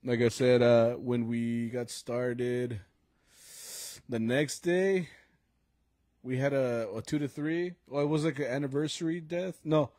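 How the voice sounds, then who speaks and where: A man's voice: mid-range voice, fairly even intonation, measured pace, a little mellow, no echo, studio quality. A young man co-hosting a podcast, telling gig stories in a loose, laughing way, full of fillers and dropping into Spanish slang. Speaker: podcast co-host and mariachi musician. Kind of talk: casual chat at a live podcast taping.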